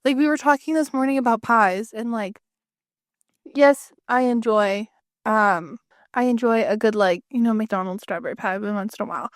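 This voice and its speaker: A woman co-hosting a podcast, chatting in a relaxed way with lots of fillers. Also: on the high side, moderate pace, no echo, studio quality. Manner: relaxed, conversational, many fillers. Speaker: podcast co-host. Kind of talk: casual chat.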